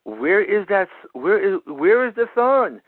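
An anxious father speaks with urgent, pleading worry in a high voice, as a preacher acts him out. The sound is narrow and phone-like, with no room echo. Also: slow. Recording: tinny phone-like radio sound.

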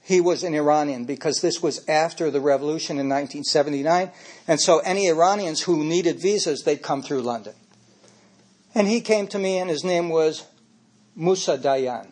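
A man's voice: fairly high pitch, moderate pace, darkish tone. Older man telling stories in a speech. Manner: anecdotal, gets emotional while speaking. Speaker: speaker giving a talk. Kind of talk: personal storytelling speech.

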